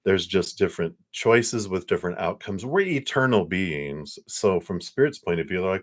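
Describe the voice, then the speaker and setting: Low-voiced gentle man reading tarot. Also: sing-song, normal speed, few pauses. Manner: gentle, reassuring, meandering with frequent fillers. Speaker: psychic tarot reader.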